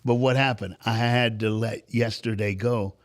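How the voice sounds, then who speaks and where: A middle-aged man of ordinary pitch holds forth as a talk-show guest. He tells his stories with animation and jumps into other people's lines to act them out. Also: steady tone, moderate pace. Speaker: guest speaker and author. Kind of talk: storytelling in a talk-show conversation.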